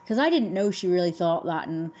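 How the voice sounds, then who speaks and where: A woman's voice: lowish voice, expressive, a little fast, mellow, lo-fi sound. A young woman rambling casually to her livestream viewers, full of fillers and restarts. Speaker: livestream host.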